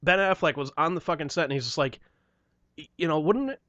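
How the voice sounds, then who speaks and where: A young man co-hosts a casual podcast with a slightly high voice, swearing a lot and acting out the people in his anecdotes. The sound is dull and lo-fi, with a dry, close feel. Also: expressive, fast talker, pushed and bright, dry recording. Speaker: podcast co-host. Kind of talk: casual chat.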